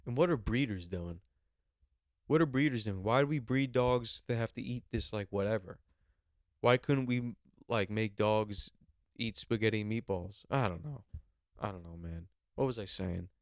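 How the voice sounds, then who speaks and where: A man's voice: on the low side, normal speed, dry recording, studio quality. A man in his twenties, a podcast host, telling rambling stories in a casual monologue and swearing freely. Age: 20s.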